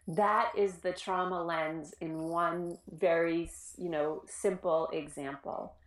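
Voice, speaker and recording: A woman who works with children in schools, giving an informal talk on trauma, earnest and animated, often restarting her sentences. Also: lowish voice, takes it slowly, few pauses, roomy sound. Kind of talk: informal educational presentation.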